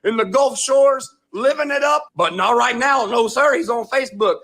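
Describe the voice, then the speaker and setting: A man in a comedic rant, shouting and swearing constantly in a crude, mocking way. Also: very high-pitched, normal speed. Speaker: comedic video creator.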